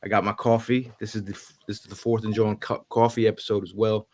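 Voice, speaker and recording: A man with a low-pitched voice hosts a casual live sports fan podcast. He sounds upbeat and keeps building hype for the big game, often restarting and repeating words as he goes. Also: flat delivery, fast talker, darkish tone. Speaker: podcast host.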